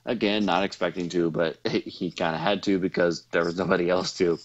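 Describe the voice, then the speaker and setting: A man with a fairly low voice chats casually as host, rambling through a race story with lots of ums, restarts and laughter. The audio sounds dull and lo-fi, like an older live stream. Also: fairly even intonation, brisk. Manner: rambling, laughs often, many fillers and restarts. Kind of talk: casual chat recounting a race.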